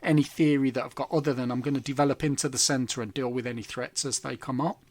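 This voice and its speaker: A man, co-hosting a podcast in casual chat and recommending things enthusiastically with quick asides. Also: mid-range voice, fairly even intonation, a little mellow, no echo. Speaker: podcast co-host.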